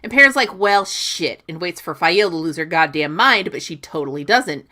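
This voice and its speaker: A woman's voice: deep voice, lively intonation, bright, forceful tone. A woman podcast host giving a profane, comedic recap of a book chapter, with voiced quotes. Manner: profane, sassy, quick retelling with voiced quotes.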